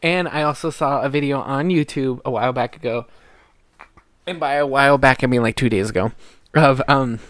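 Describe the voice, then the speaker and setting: A man's voice: medium pitch, normal speed, a bit bright, no echo. A young man co-hosting a podcast in casual chat, rambling, losing his train of thought, a little tipsy. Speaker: podcast co-host.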